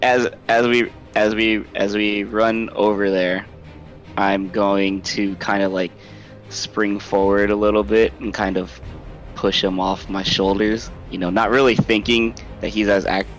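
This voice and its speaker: A man's voice: lowish voice, level tone, unhurried, soft background music. A man playing a tabletop game, laying out his character's moves and often laughing and repeating himself as he thinks. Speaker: player.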